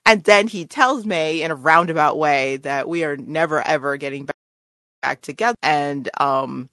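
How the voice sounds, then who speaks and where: Bright-voiced woman ranting animatedly. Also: deep voice, normal speed, no room sound, studio quality. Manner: animated, laughing, exasperated ranting. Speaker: podcast co-host reviewing a TV series. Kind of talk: casual chat.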